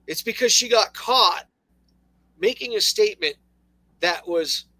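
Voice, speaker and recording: High-voiced man co-hosting talk radio. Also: measured pace, no room sound, poor audio. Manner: animated, laughing, sarcastic asides. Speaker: co-host. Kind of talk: casual political radio talk.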